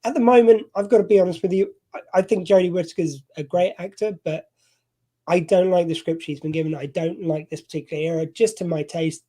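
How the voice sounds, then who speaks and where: Mellow-voiced man telling a story. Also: high voice, fairly even intonation, brisk. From southern England. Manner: rambling, self-deprecating storyteller. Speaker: podcast host being interviewed. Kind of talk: casual chat on a livestream.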